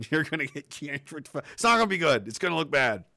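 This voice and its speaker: A man rambles through a profane livestream rant, his bright voice leaping up and down with sudden shouted outbursts. He sits a bit above the usual pitch, and the sound is close and dry. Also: big pitch swings, moderate pace, vocal fry, no room sound. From partly Nova Scotia, Canada. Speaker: livestream host.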